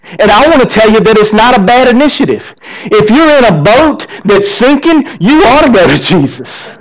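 A man's voice: high voice, big pitch swings, normal speed, poor audio. A male pastor preaching a sermon, asking the congregation rhetorical questions. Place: church.

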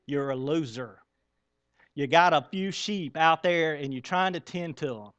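A man's voice: on the high side, measured pace, fairly bright tone, no echo. A man voicing a scornful, jealous older brother who mocks his younger sibling. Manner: mocking, taunting.

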